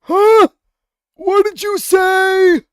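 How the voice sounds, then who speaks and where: Old half-deaf goblin ticket seller: high, slow, hollering. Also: male voice, flat delivery, no room sound, clean studio sound, full character voice. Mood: confused shouting. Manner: shouting, drawn-out.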